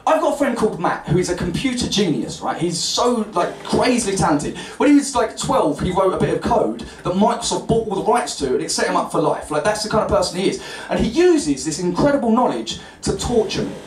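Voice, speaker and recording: A young stand-up comedian tells a story on stage with a high, lively voice. He is animated and exclaiming, his pitch leaping at punchlines. His voice is distant and echoing in the room, with an audience around him. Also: brisk, few pauses, slight background noise. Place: live comedy venue on stage. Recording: echoey stage from far off with audience.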